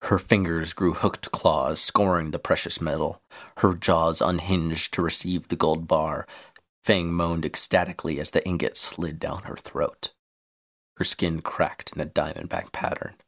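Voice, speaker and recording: Deep-voiced man narrating a story. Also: little pitch movement, a little slow, a bit bright. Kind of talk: scripted narration.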